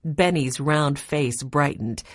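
A woman narrating a children's chapter book in a clear, even storytelling manner. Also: low-pitched, slow pace, dry recording. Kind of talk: audiobook narration.

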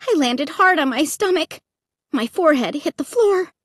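A woman narrating a first-person audiobook in a dramatic, expressive reading that breaks into shrieks. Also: high voice, normal speed, no room sound, clean studio sound.

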